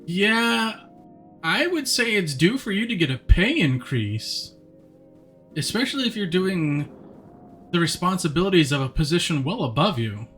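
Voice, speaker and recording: Live-streaming a game, this man chats with viewers, answers their messages, and reads the game's narration aloud in a plain voice. His fairly high voice is very animated and a bit bright, at a moderate pace, with faint music behind him.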